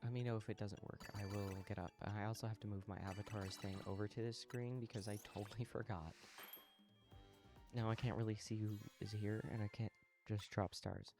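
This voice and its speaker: A man live-streaming a game, chatting casually with viewers while he plays, relaxed and a little sleepy. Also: on the low side, a little fast, music in the background. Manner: relaxed, talks to chat while playing, yawning.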